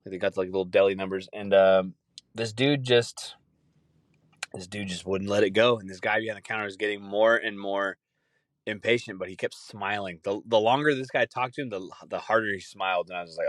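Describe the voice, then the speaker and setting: A man's voice: on the low side, steady tone, fairly quick, no echo, studio quality. A young man casually telling rambling stories on a podcast, swearing often and mimicking the people in them. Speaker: podcast host. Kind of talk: casual storytelling chat.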